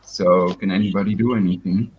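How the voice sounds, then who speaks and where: A man's voice: low voice, fairly even intonation, fairly quick, muffled recording, a little hiss or hum. A man in a casual group voice chat who reads messages aloud and muses on them. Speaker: chat participant.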